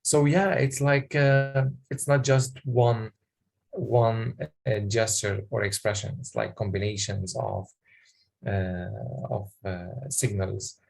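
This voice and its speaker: A man presenting a workshop, explaining in a halting way with many pauses and questions to the audience. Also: fairly low pitch, steady tone, gravelly, a little mellow.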